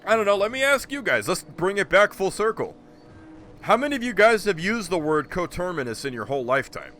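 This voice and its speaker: A man's voice: high-pitched, sing-song, a little fast, sharp tone, a little hiss or hum. A man streaming a video game, rambling and joking with his chat as he plays. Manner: rambling, jokey, talks to chat. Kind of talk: casual gameplay commentary.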